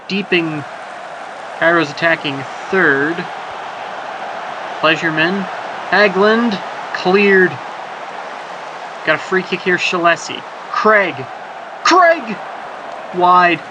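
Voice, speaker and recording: Slow and steady, a man with a high voice calls a simulated soccer match play by play, leaving long pauses. He jokes and wanders between plays yet surges on chances. Background noise is audible.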